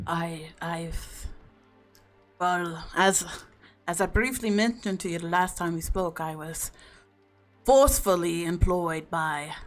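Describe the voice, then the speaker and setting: A woman voicing a hospitable, weary male groundskeeper in a put-on Scottish accent, speaking haltingly. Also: on the low side, voice pushed down. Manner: halting, hesitant speech.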